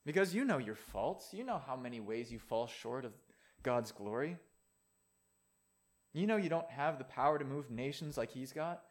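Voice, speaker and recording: A man preaches a sermon in a conversational way, sprinkling in playful asides. His medium-pitched voice has lively intonation and moves at normal speed.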